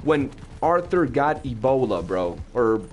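A young man chatting casually on a live game stream, talkative and slangy, telling animated stories to his chat. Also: mid-range voice, unhurried.

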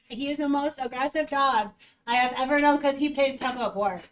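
A woman dog trainer giving casual reaction commentary, animated and sarcastic, often breaking into laughter. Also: high voice, fast talker, far from the mic, low-quality recording.

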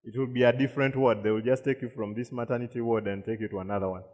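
A man's voice: mid-range voice, fairly even intonation, racing, a little mellow, muffled recording. A man preaching a sermon, repeating words and asking the congregation questions. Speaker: pastor. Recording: long reverb of a hall.

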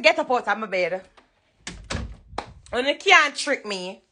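A woman's voice: a little high, expressive, slow, pauses often, pushed and bright. A young woman with a Jamaican accent chatting to fans on a live stream from her bedroom, emphatic and repetitive, slipping into patois. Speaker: dancehall singer thanking fans on a live stream. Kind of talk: casual live-stream chat. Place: bedroom at night.

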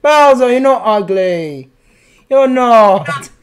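A man's voice: very high voice, expressive, takes it slowly, slight background noise. A young man hosting his channel, chatting in a goofy, playful way while he plays a game. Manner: goofy, playful, bursts into silly voices. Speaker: channel host. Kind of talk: casual gaming chat.

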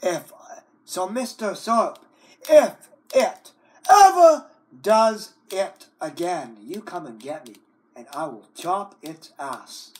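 A man ranting at his computer on camera, scolding over and over with repeated words, long wailing cries, and low growled, cursing threats. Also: lively intonation, slow, a little mellow. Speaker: video maker.

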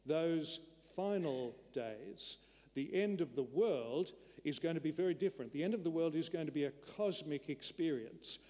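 A man preaching a sermon in an earnest, deliberate way. His voice sits a little high for a man and rings out into a long church echo. He slows down and sinks lower to press home each point. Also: dark tone.

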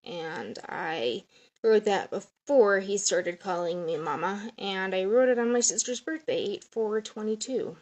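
A woman's voice: medium pitch, animated, measured pace, a little mellow. A woman in her thirties talking casually on a live stream, rambling and jumping from topic to topic. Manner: rambling, chatty, jumps between topics. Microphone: phone or webcam on a live stream.

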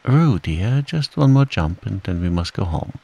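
A man voicing a polite, motherly female kangaroo who speaks in a soft, coaxing way. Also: fairly low pitch, sing-song, unhurried, vocal fry, slightly rough, full character voice.

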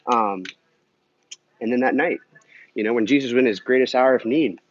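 A man's voice: medium pitch, normal speed, a little hiss or hum. A man walking through an indoor pool area while talking earnestly and casually to a viewer, with many "man" and "you know" fillers. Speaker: Christian vlogger answering a viewer comment. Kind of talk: casual spoken encouragement. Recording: dull lo-fi recording.

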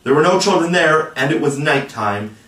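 A man narrating a storybook chapter in a dramatic, measured, expressive way. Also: fairly high pitch. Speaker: audiobook reader. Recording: roomy, distant mic.

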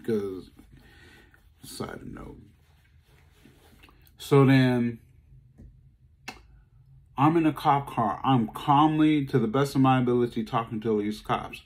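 A man's voice: measured pace, long pauses. A man giving a talk, telling a personal story in a casual, conversational way and acting out the dialogue. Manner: animated, acts out dialogue, voice jumps high when upset. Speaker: speaker.

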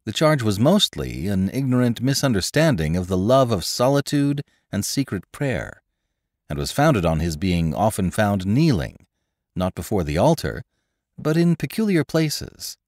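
A man giving an expressive scripted audiobook narration of a classic story. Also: fairly low pitch, a little slow, no room sound, studio quality.

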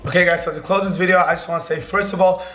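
A young man in his twenties with a hoarse, worn-out voice, chatting casually and joking to his vlog audience. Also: high-pitched, very fast, reverberant, a little hiss or hum. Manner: excitable, joking. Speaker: vlogger.

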